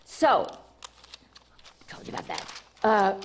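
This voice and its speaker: A woman's voice: lowish voice, very animated, measured pace, a little hiss or hum. A woman spiritual teacher giving an enthusiastic inspirational talk, repeating herself and restarting phrases often.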